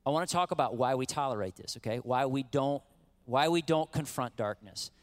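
A middle-aged man preaching a sermon as pastor, animated and conversational, acting out quotes and calling on the congregation. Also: medium pitch, fairly quick.

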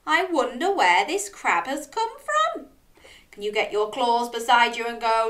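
Animated woman reading to children. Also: on the high side, measured pace, recorded from a distance. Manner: lively, animated, talks directly to young listeners. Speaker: children's storyteller. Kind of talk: picture book read-aloud with chat to children.

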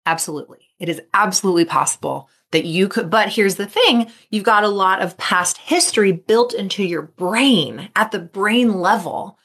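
A woman's voice: medium pitch, normal speed, few pauses, husky. A middle-aged woman, a mental performance coach, hosting a solo podcast and telling stories while acting out athletes' worried thoughts. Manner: lively storytelling, acting out athletes' inner voices.

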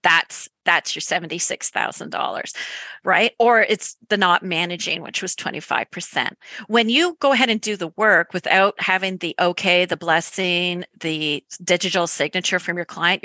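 Canadian woman, accountant, chatty webinar guest; crisp bright tone, dead dry sound. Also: fairly low pitch, normal speed, dry recording. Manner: animated, chatty, laughs often. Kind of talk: webinar panel talk.

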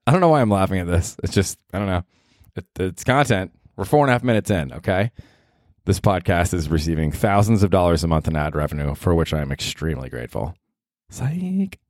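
A man's voice: sits low, darkish tone, dry recording, clean studio sound. A young man hosting a casual solo podcast from his small apartment, rambling and cursing and laughing at himself often. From United States. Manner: rambling, profane, self-deprecating, laughs often. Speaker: podcast host.

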